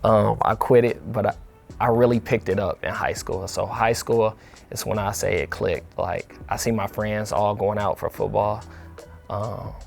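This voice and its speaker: A young man from the St. Louis area, talking casually as an interview guest in a relaxed, colloquial way with many fillers and restarts. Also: fairly low pitch, unhurried, gravelly, soft background music. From St. Louis area, USA. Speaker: interview guest, football player.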